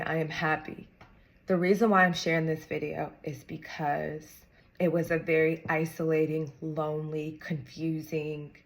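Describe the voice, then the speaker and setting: Young woman vlogger, earnest and encouraging, casual slang, voice a bit low. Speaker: vlogger sharing a personal story. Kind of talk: heartfelt talk to camera.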